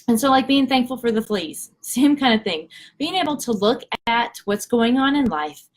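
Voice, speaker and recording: A woman who chats casually on her vlog and retells a story with many fillers and restarts. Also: medium pitch. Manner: chatty, lots of fillers and restarts while retelling. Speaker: vlogger.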